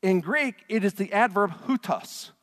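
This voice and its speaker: A man preaching a sermon to his congregation in a church, emphatic and animated, with frequent rhetorical questions. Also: high-pitched, a little slow. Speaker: pastor. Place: church sanctuary. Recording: long reverb of a large hall.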